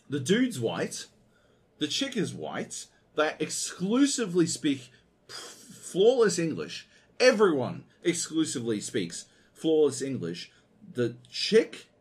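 A man's voice: fairly high pitch, husky. A man co-hosting a video game podcast, ranting in a casual, profane and exasperated way. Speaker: podcast co-host.

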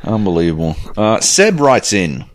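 A man's voice: fairly low pitch, big pitch swings, normal speed. A man co-hosting a podcast in casual, sweary chat, reading listener emails aloud. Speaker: podcast co-host.

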